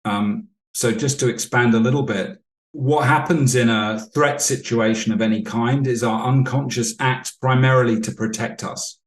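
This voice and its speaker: A man talking as a leadership coach guest on a podcast, explaining calmly and telling anecdotes. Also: medium pitch, moderate pace, reverberant. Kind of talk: podcast interview storytelling.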